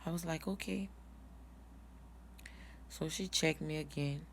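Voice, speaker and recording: A woman's voice: deep voice, fairly even intonation, slow, slight background noise. A woman telling her birth story in a casual vlog, acting out each person's words as she goes. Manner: casual, retells dialogue in quotes.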